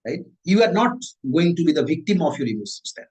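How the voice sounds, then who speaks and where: A man, a mindset coach giving a motivational talk, repeating and rephrasing his points with animated emphasis. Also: fairly high pitch, fast talker, poor audio.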